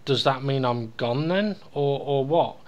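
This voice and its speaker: A man's voice: mid-range voice, unhurried, a little mellow, highs cut off. A man hosting a casual podcast chat, rambling and sweary, with jokes. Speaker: podcast host.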